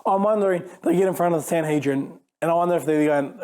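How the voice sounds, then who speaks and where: A man's voice: on the high side, fast talker, warm tone, smooth. A man preaching a conversational sermon, often restarting phrases and acting out imagined dialogue. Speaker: youth pastor.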